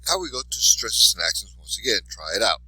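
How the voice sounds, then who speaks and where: A man's voice: on the low side, sing-song, fairly quick, sharp tone, breathy edge, dry recording, rough recording. A man teaching a lesson in English, patiently saying each example word twice. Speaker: Spanish teacher. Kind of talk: recorded classroom lesson.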